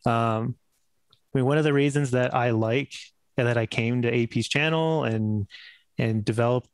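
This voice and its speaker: A man who is a cast member on a gaming stream, speaking earnestly in casual chat, halting and restarting often. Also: mid-range voice, smooth, no room sound.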